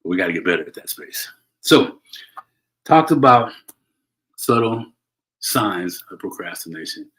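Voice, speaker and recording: A middle-aged man hosts a motivational livestream alone from home, and the recording is rough. His voice sits low with big pitch swings and a fairly bright tone, and he speaks a little slowly with frequent pauses. He is earnest and preachy, keeps tagging "right?" onto his points, and often restarts his sentences.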